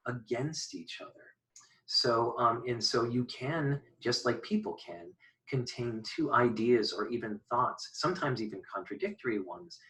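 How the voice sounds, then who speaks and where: A man giving a recorded poetry lesson, thinking aloud in a casual, halting way with many fillers and restarts. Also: mid-range voice, sharp tone, far from the mic, rough recording. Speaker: poetry teacher. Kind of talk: recorded online lecture.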